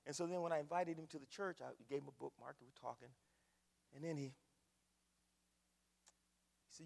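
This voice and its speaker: A man preaching, his gravelly voice sitting a little high. He moves from quiet storytelling to ringing declarations and calls the congregation y'all. A long reverb hangs on every word. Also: fairly quick, long pauses. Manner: swings from hushed storytelling to loud preaching; folksy, addresses the congregation as y'all. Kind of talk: sermon.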